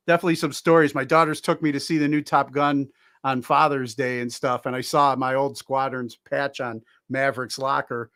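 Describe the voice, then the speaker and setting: A man's voice: medium pitch, level tone, normal speed, a bit bright, dry recording. Easygoing male podcast host, dry sound. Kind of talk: casual chat.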